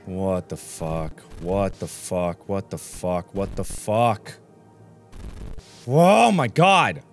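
A young man hosting a gaming video, swearing a lot as he swings from low muttering to angry yelling. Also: fairly even intonation, slow, faint music behind. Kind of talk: frustrated let's play commentary.

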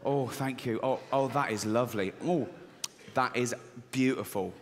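A man's voice: medium pitch, moderate pace, big-room sound, a little hiss or hum, voice pushed down, natural voice. A man doing a coy, greedy neighbour woman. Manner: hushed, coy, greedy murmuring.

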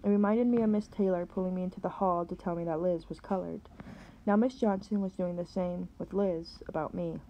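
A woman, a teacher, reading a novel aloud and pausing to explain words. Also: on the low side, steady tone, highs cut off, slight background noise.

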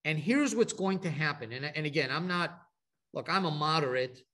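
A man's voice: fairly high pitch, animated, normal speed, fairly bright tone. A middle-aged man from Texas giving a conversational, story-driven talk to a group, full of asides and restarts. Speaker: speaker at an advocacy training event. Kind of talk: informal presentation to a group.

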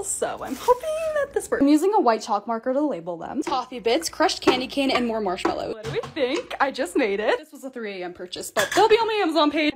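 A young adult woman narrating her cleaning and organizing vlog in a casual voice-over, gushing and bubbly with self-mocking asides. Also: high voice. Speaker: lifestyle vlogger.

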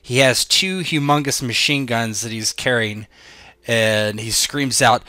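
A man's voice: medium pitch, unhurried, pushed and bright, no echo, studio quality. A man narrating a tabletop game as game master, in a loose, laughing way.

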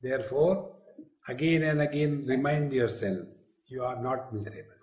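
A man's voice: mid-range voice, moderate pace, a little mellow, echoey room. A man giving a spiritual retreat discourse with humorous storytelling and acted-out quotes. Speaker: spiritual teacher. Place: retreat hall.

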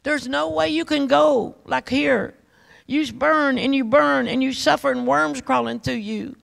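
Older woman preacher, very gravelly voice, fervent and pleading, uses endearments. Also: high voice, fairly even intonation, a little slow, poor audio. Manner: fervent, calls listeners honey and baby doll. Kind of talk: sermon.

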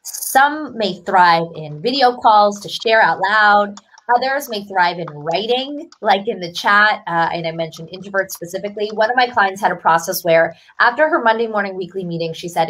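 A woman's voice: mid-range voice, expressive, moderate pace, a bit bright. A woman author as a podcast guest, explaining ideas in an articulate, upbeat way and telling stories. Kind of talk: podcast interview.

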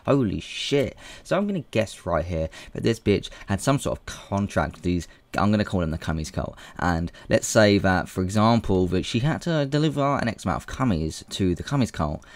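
A man's voice: fairly low pitch, no room sound. Rambling, foul-mouthed young male reactor. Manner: crude, rambling, says dude constantly. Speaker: reaction video host. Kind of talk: casual reaction commentary.

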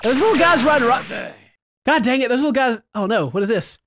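A man giving jokey, excitable commentary while playing a video game, yelping and laughing at what he sees. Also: extremely high pitch, a little fast, dry recording, studio quality. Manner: jokey, yelps and laughs at the screen. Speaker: video game let's-player.

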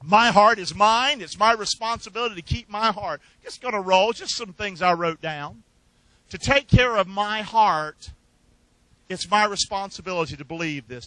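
A pastor delivers his sermon in a high, bright voice, coaxing the congregation to say lines back with him. He rises to loud, emphatic calls, then drops into quiet asides, all captured dry and close. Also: no echo, low-quality recording. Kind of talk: sermon with call and response.

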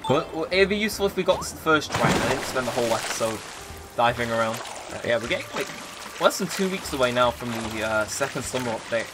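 A man hosting a casual let's play, rambling through his plans with many pauses and fillers. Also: medium pitch, loud music behind the voice. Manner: rambling, relaxed, lots of ums and likes. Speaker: gaming channel host.

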